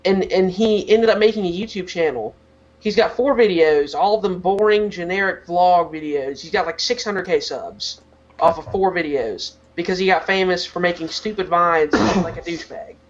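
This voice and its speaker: A man's voice: high voice, normal speed, muffled recording. A teenage boy co-hosting a podcast, talking in a rambling casual rant full of "like" fillers. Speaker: podcast co-host.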